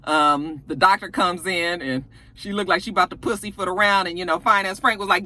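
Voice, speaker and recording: Sassy bright-voiced woman recapping TV. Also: fairly low pitch, brisk, few pauses. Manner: sassy, profane, animated storytelling. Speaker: TV recap vlogger. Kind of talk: casual TV episode recap.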